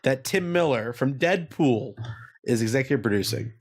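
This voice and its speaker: A man hosting a casual podcast, swearing freely and riffing in an animated, jokey way. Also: mid-range voice, normal speed. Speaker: podcast host.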